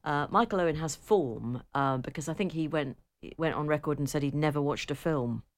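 A woman co-hosting a radio chat show, chatty and quick to laugh as she reads out listener emails. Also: low voice. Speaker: radio co-host.

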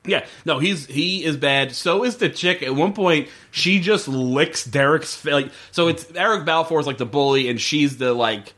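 A man co-hosting a podcast, chatting casually about a TV episode, swearing and acting out lines of dialogue. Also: on the high side. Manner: animated, swearing, acts out dialogue in quick put-on voices. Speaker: podcast co-host. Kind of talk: casual chat recapping a TV episode.

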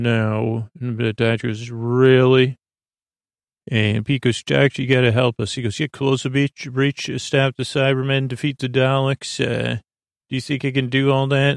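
A man with a gravelly, flat delivery that barely rises or falls. He rambles through a relaxed recap, filling every pause with "uh" and "he goes". The sound is dry and close, with no room around it. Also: medium pitch, no room sound. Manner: rambling, filler-heavy retelling with many "he goes". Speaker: podcast host. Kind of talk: casual episode recap for sleep.

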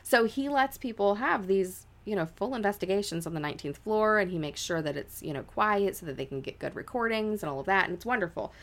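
This co-host, a young adult woman, speaks briskly with lively intonation in a mid-range voice, barely pausing. Her ghost story comes out casual and chatty, full of "like" and dramatized quotes.

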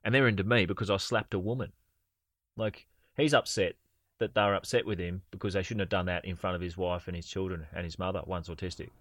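A man's voice: sits low, steady tone, a little fast, fairly bright tone, no echo. A man, co-hosting a podcast and telling stories in a dry, sardonic way. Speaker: podcast co-host. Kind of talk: casual comedy chat.

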